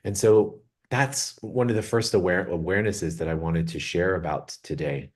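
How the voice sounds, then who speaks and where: A man with a very low voice opens a group meditation over a home video call. He speaks earnestly and reflectively, often slowing down to let key words land. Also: slightly rough. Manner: earnest, reflective, slows down for emphasis. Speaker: meditation guide. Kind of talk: spiritual talk opening a group meditation.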